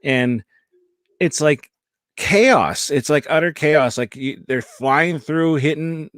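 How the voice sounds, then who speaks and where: A man's voice: on the high side, slow pace, a bit bright, no echo. Dry-sounding man hosting casual movie chat. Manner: rambling, filler-heavy recaps. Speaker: podcast host.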